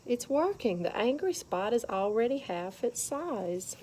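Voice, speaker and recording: A woman leading a children's lesson at church, gently guiding them through counting and calm breathing. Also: a little high, a little slow, hardly any pauses, a little hiss or hum.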